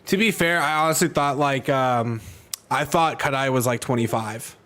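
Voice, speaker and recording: Male streamer for casual reaction commentary: loose, rambling, average pitch. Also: normal speed, bright, forceful tone. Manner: rambling, laid-back, sprinkled with fillers. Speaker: streamer reacting to his own podcast.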